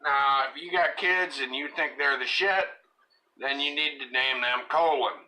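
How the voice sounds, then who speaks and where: A man hosting a casual live-stream chat, joking crudely and laughing loudly. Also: medium pitch, normal speed. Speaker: live show host.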